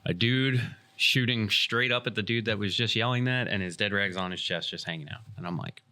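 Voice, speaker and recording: Fast, bright-voiced low man telling stories. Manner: animated retelling, acts out quoted dialogue. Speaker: podcast host and field referee. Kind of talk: casual podcast storytelling.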